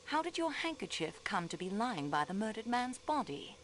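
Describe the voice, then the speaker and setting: A polite young female detective, measured and courteous in her questioning. Her pitch moves lively up and down. A faint hum sits in the background. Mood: inquiring.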